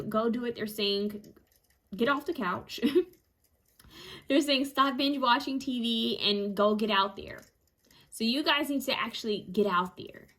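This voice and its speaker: A woman giving a casual, encouraging tarot reading to her viewers, energetic and fond of repeating herself. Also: a little high. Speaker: tarot reader. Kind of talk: casual intuitive card reading.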